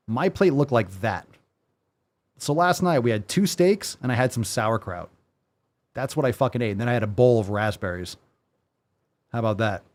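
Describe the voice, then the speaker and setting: A man's voice: mid-range voice, a little mellow. A man hosting a podcast, ranting in a blunt, sarcastic way and swearing often. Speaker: podcast host. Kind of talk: casual ranting commentary.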